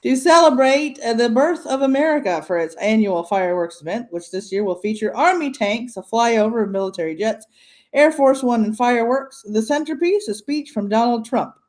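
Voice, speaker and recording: A woman's voice: fairly high pitch, expressive, normal speed. A woman hosting a casual news commentary livestream from home, chatty and sarcastic, talking into her computer's webcam mic. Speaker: host.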